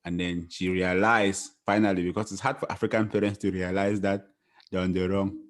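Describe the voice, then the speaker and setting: A young man leads a casual podcast conversation. He sounds relaxed and often doubles up words mid-sentence. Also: deep voice, brisk. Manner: relaxed, repeats words as he speaks. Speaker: podcast host.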